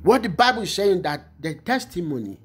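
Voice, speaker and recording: A man's voice: high-pitched, sing-song, a little fast, slightly rough, faint music behind. A man preaching fervently as a pastor, repeating phrases and praying in tongues. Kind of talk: online prophetic sermon and prayer.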